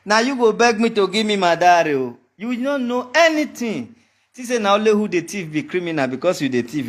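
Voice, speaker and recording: Speaking straight to the camera, a Nigerian vlogger with a high-pitched voice delivers a heated monologue. He taunts and mocks the whole way through, circling back to the same threats again and again.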